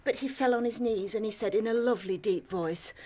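A woman's voice: a little high, fairly quick, darkish tone, breathy edge. An actress playing a proud governor's wife and mother who gushes and boasts, snapping sharply at her daughter. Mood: boastful.

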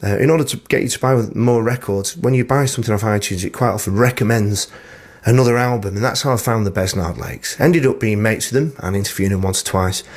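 Husky Mancunian man presenting radio. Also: fairly low pitch, quick pace. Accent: Mancunian English. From Manchester, England. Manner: chatty, self-deprecating, frequent "uh" fillers. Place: small house at home.

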